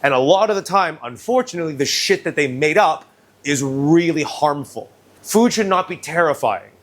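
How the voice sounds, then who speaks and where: A man's voice: on the high side, lively intonation, moderate pace. A young man from China hosting a casual cooking demonstration, blunt, joking and often profane as he explains each step. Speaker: chef and cooking video host. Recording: music playing underneath.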